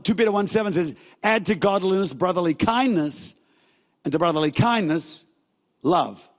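Male pastor, fairly high voice, casual joking sermon delivery, recorded with long church-hall reverb. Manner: casual, joking storytelling with quick asides.

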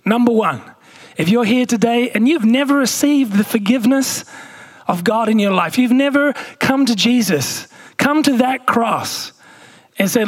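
Man, pastor preaching, husky voice, high pitch, lively scripture reading. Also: unhurried. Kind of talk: sermon.

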